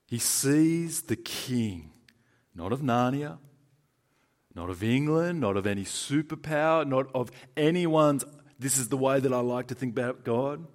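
A man with an Australian accent preaching a sermon in a conversational, emphatic way, moving between loud stresses and hushed lines. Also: mid-range voice, animated, measured pace.

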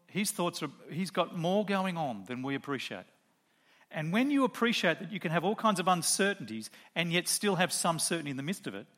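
Bright-voiced man preaching a sermon. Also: a little high. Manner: storytelling with rhetorical questions.

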